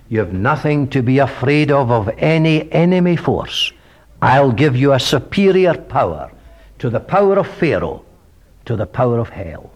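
Animated preacher man with a lively voice. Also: mid-range voice, normal speed. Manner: emphatic, rhetorical questions, swings from loud to hushed. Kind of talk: sermon.

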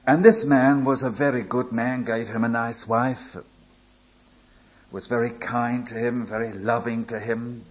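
An older man preaching a sermon, telling a story slowly and building to emphatic appeals. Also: medium pitch, little pitch movement, lo-fi sound. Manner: slow, deliberate storytelling with rising emphatic appeals.

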